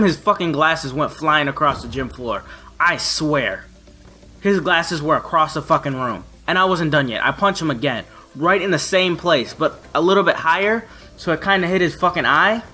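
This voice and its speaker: A man's voice: a little high, animated, normal speed, pushed and bright, soft background music. A young man telling a story on his vlog in a brash, profane way. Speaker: vlogger.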